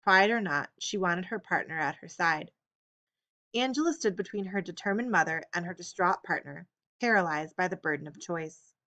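A woman reading an audiobook, telling the story in a steady, expressive way. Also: on the low side, normal speed, lo-fi sound. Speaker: audiobook reader. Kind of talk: audiobook narration.

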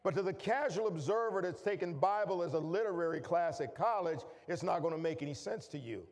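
A man preaching a sermon as pastor, repeating phrases, calling for the congregation to say lines back, and rising to shouts. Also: high voice, expressive, fairly quick, in a large hall. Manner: repetitive, call-and-response, builds to shouting. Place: church sanctuary.

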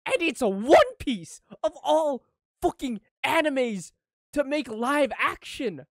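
Loud, profane young male reaction streamer. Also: extremely high pitch, animated, takes it slowly, no room sound, studio quality. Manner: loud, profane, laughing outbursts. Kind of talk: excited reaction commentary. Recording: faint music behind.

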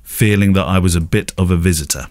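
Male podcast co-host, very low voice, hesitant, reflective, lots of ums. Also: fast talker, a little mellow. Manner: hesitant, many fillers and restarts, reflective. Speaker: podcast co-host, wedding photographer. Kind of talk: casual podcast chat.

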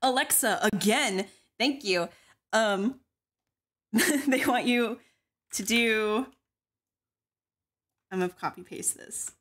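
A bubbly woman hosts a stream, chatting casually and reading out donations with a lot of giggling. Her voice sits fairly high. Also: takes it slowly, long pauses, a bit bright. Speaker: stream host.

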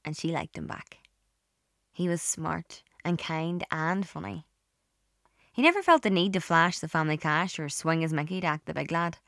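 Measured woman narrating. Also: sits low, animated, vocal fry, fairly bright tone, dry recording, clean studio sound. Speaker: audiobook narrator. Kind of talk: scripted narration.

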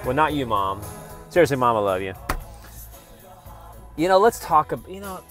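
Guy rambling into his phone, swears a lot, gets loud then mumbles, music going behind him. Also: mid-range voice, very animated, normal speed. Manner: rambling, profane, swings between loud bursts and mumbling. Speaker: vlogger. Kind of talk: rambling casual vlog. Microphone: phone camera. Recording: music playing in the background.

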